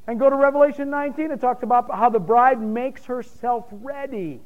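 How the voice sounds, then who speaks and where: Preacher guy with a really high voice, punchy and emphatic, muffled lo-fi recording. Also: brisk, few pauses. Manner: emphatic, rising to loud points, quizzes the congregation. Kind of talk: sermon.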